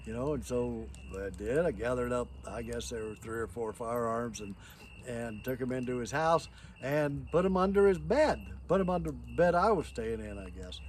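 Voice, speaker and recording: A man's voice: medium pitch, slight background noise. An older man telling a story in a casual, rambling, folksy way, with frequent chuckles.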